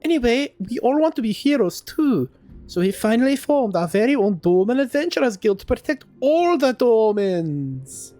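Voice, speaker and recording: An excitable young kid adventurer with a squeaky, put-on foreign accent, voiced by a man reading a game aloud. The voice sits far above his normal pitch and swoops with lively eagerness. Faint music plays behind. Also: normal speed. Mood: eager.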